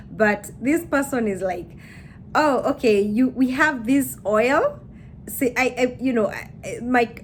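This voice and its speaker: A woman's voice: a little high, a little hiss or hum. A woman chatting casually to her camera, laughing as she acts out what people say. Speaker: YouTuber.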